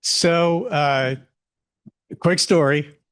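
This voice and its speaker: A middle-aged man giving a public history lecture, relaxed and conversational with many ums and rhetorical questions. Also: fairly high pitch, very slow, clear, resonant tone.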